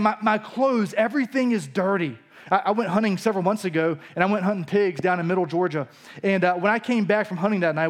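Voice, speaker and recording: A man preaching a casual teaching sermon. He explains scripture in an easy, conversational way and drifts into personal stories. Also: high-pitched. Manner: casual teaching tone with frequent restarts and storytelling asides. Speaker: pastor.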